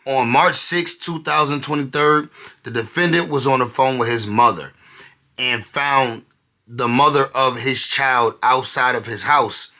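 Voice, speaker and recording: Bright-voiced slangy male commentator. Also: medium pitch. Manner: animated, slangy, incredulous. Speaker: commentator reading court documents. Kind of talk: casual commentary.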